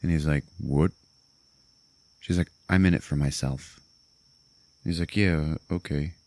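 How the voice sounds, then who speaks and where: A man hosting a podcast, retelling a film scene by scene in a casual, animated way, swearing and laughing often. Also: rumbling low, a little slow, no room sound. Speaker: podcast host. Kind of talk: casual movie recap chat.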